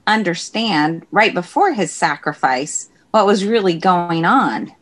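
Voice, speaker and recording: A woman talks through Bible passages in a relaxed conversation, her voice sitting a little low. She paraphrases the verses plainly and conversationally. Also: measured pace. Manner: conversational, frequent soft affirmations. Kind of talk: casual Bible discussion.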